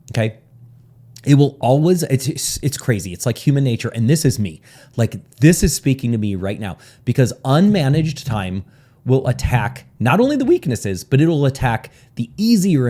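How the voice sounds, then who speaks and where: A man's voice: mid-range voice, mellow. A man coaching on time management in a casual, rambling teaching talk, with frequent sidebars and "right?" check-ins.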